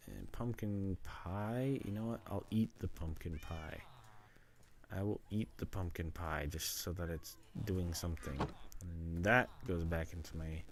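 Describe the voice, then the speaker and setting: A man streaming himself playing a game, casually narrating what he does and chatting to the animals in it. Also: low voice. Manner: rambling self-narration, chatting to pets. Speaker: livestreamer. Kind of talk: casual gameplay commentary.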